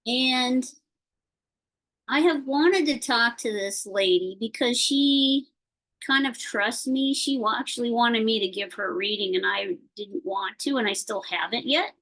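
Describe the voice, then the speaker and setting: A woman talks slowly and a little high over a video call connection. Her speech wanders and stalls on fillers and restarts as she tells her story in casual chat. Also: a bit bright, poor audio. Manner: rambling, halting, with many fillers. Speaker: participant sharing a concern.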